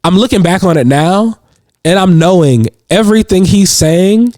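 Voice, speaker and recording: A man in his thirties co-hosting a podcast, telling a story in a slangy, animated way and repeating words as he gets worked up. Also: high voice, normal speed, no room sound, clean studio sound. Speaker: podcast co-host. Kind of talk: casual storytelling chat. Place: indoors on a couch.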